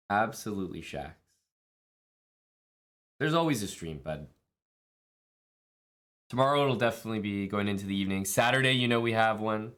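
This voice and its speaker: A man with a fairly low, somewhat bright voice is streaming live, chatting casually with viewers. Laid-back and jokey, he reads their messages and thanks them.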